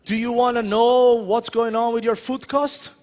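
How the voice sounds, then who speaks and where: In a vast convention hall with a long, ringing echo, an Italian-accented celebrity chef in his thirties gives a motivational talk. He speaks at normal speed in a fairly high voice, joking with the audience, talking to them directly and emphasizing his points with animated delivery.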